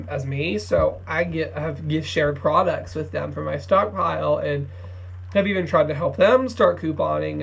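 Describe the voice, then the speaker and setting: Yawning and drowsy, this young Ohio man in his late teens runs a couponing YouTube channel and talks in a fairly high, gravelly voice. His casual vlog chat rambles, full of fillers and false starts, with a little noise in the background.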